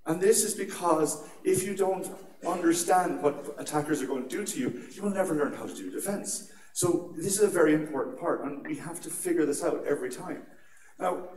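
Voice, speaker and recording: A man's voice: a little high, darkish tone, slight background noise. A man with an Irish accent giving a conference talk on security, telling chatty personal anecdotes and laughing at his own stories. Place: large atrium at a conference. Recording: echoey hall picked up from a distance.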